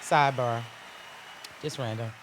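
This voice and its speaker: A man hosting a casual podcast, reacting loudly with exclamatory, profane banter. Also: medium pitch, steady tone, unhurried, background noise. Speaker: podcast host.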